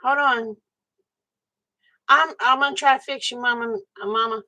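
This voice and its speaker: A woman's voice: fairly high pitch, fairly even intonation, moderate pace, pushed and bright, low-quality recording. A woman, hosting a live stream and telling a story in a frank, chatty way, swearing casually and talking straight to her viewers.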